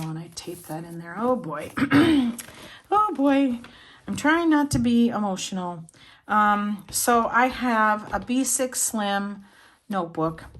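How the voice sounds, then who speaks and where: A woman's voice: fairly low pitch, a bit bright. A middle-aged woman chatting casually on her vlog, showing her planners and journals, talking in a heartfelt, rambling way with many fillers. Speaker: planner vlogger. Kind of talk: casual show-and-tell chat.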